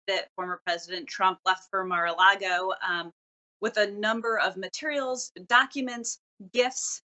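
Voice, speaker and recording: Bright-voiced woman news reporter. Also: mid-range voice. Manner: articulate, brisk, self-correcting. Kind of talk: news interview answers.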